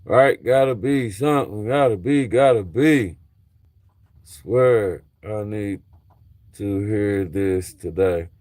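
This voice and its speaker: While fixing a truck on a livestream, a middle-aged man talks to his viewers in a loose, slangy, chatty way. His voice is on the low side, slow and darkish, with no room sound.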